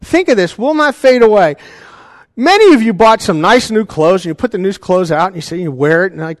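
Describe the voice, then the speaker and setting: A man preaching a sermon as a pastor, animated and conversational, with joking asides to the congregation. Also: high-pitched, fast talker, no room sound, studio quality, in a large hall.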